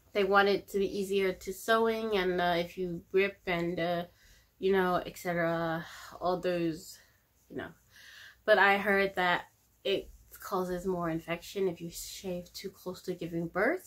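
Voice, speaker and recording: Candid young woman telling a story. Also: on the low side. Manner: animated and candid, acts out her own pleas loudly, laughs often. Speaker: vlogger. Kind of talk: casual storytelling.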